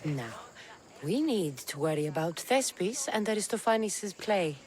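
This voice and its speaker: An actress playing a composed female warrior mercenary, calm and terse. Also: fairly low pitch, a little slow, slight background noise.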